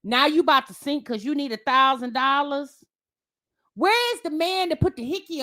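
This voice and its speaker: A woman's voice: high voice, moderate pace, sharp tone. A woman hosting a livestream, teasing and commenting on a clip with lots of laughter and repeated words. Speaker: livestream host reacting to a clip.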